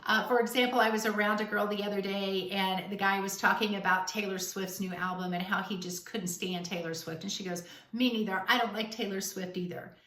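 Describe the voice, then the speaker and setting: A woman's voice: mid-range voice, fairly even intonation, fairly quick, hardly any pauses, a bit bright, roomy sound, distant mic. Woman host, dating advice talk, emphatic and direct, recorded a little off-mic. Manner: blunt, emphatic, acts out quoted dialogue.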